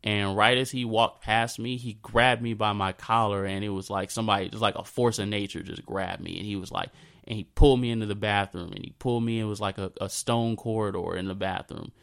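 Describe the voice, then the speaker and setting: Smooth low-voiced man telling a story. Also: steady tone. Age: 30s. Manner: halting, repeats himself, drifts into a soft low voice. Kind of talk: personal storytelling monologue.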